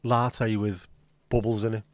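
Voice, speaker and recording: A man's voice: fairly low pitch, flat delivery, a little slow, no room sound. A man, hosting a casual livestream chat with sweary, sardonic rants. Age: 50s. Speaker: livestream host.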